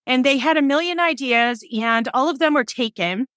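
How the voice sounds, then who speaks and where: A woman in her forties who owns a cemetery preservation business tells stories as a guest in a casual interview, laughing often and acting out quoted dialogue. Her voice sits high and a bit bright, at a moderate pace, with clean studio sound and no room sound.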